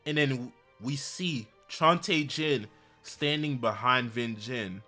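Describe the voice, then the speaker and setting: A man casually recapping a comic chapter with animated, slangy storytelling. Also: mid-range voice, slow pace, soft background music. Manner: animated, slangy storytelling, frequent "bro" and "basically". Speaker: manhwa recap YouTuber.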